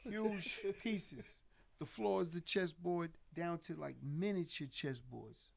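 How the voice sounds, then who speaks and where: A man telling an animated story as a podcast guest, laughing often and acting out quotes. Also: on the high side, slow, gravelly. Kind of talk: casual storytelling chat.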